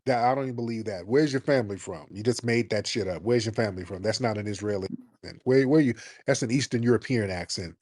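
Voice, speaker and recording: A man's voice: lowish voice, fast, a little mellow. A man hosting a live call-in talk show, brash and blunt, mocking his callers. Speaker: host.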